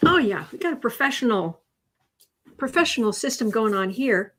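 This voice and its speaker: A woman's voice: fairly high pitch, animated, moderate pace, fairly bright tone, slight background noise. A woman chatting casually on her live stream at home, laughing often and cooing at her cat.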